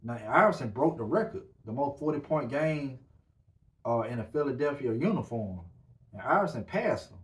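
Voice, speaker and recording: A man chats casually as a podcast host, easygoing and full of slang and filler phrases. His voice sits at an ordinary pitch. He is recorded from a little way off the microphone. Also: lively intonation, normal speed. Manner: laid-back, loose slang, filler-heavy. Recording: voice a bit far from the mic.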